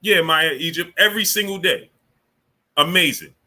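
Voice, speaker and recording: Greeting his viewers by name, the livestream host airs indignant gripes about the platform in a casual stream. His voice is medium-pitched and sharp, at a moderate pace.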